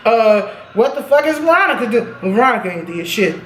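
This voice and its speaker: A young woman casually reviewing a TV episode, animated and profane, laughing at her own reactions. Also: on the high side, brisk. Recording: echoey room with faint noise.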